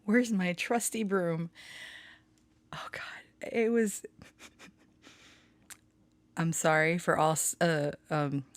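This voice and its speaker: A woman's voice: low-pitched, dry recording. A woman chatting casually from a small home studio, rambling and laughing often, telling stories with self-aware melodrama. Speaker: spiritual channeler and tarot reader. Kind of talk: casual chat.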